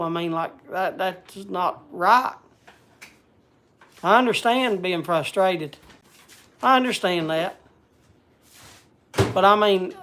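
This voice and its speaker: A man's voice: high-pitched, fairly bright tone. A man chatting casually on a livestream, rambling and searching for words. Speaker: vlogger.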